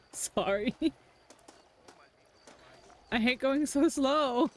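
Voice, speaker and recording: A woman's voice: a little high, animated, normal speed. Giggly woman streaming a game. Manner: giggly, chatty. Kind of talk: casual gameplay commentary. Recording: faint noise over game sound.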